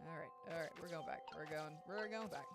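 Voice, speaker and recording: A woman's voice: low voice, brisk, over loud music. A woman streaming a game playthrough, chatting casually and swearing now and then. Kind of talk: casual let's play commentary.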